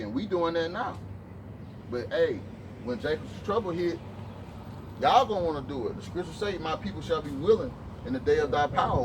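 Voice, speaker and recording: A man preaching emphatically on a city street, tagging his lines with "man". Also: fairly high pitch. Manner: emphatic, ends phrases with "man". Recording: distant mic with loud street noise.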